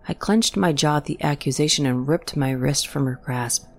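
A woman reading a first-person horror story in a measured, steady way. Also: sits low. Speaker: narrator. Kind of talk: scripted horror narration.

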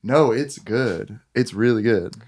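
A man's voice: mid-range voice, slow, darkish tone, slightly rough. A young man in casual podcast chat telling a story, self-mocking and easygoing.

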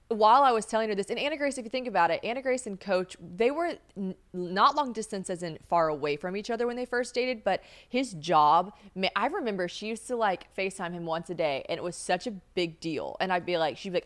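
A woman's voice: fairly low pitch, quick pace. A young woman from the United States hosting a podcast, talking casually, swearing and laughing as she acts out what people said. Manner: chatty, swearing, laughs often, acts out quoted voices. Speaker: podcast host. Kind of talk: casual chat.

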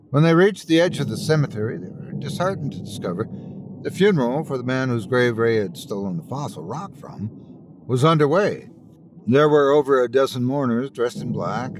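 A man narrating a scripted horror story in a slow, dramatic storytelling manner. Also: medium pitch, background noise.

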